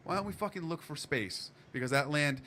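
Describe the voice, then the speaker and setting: A man's voice: fairly high pitch, lively intonation, fairly quick, bright, forceful tone, slight background noise. Profane man telling a wild story. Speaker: podcast guest. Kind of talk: casual storytelling.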